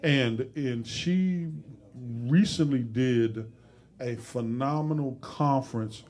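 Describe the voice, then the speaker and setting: A man's voice: medium pitch, slow, a little mellow. Give me a man hosting a live talk show, chatting casually with a playful, joking manner. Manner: joking and playful, breaks into laughter; loose, conversational phrasing with restarts.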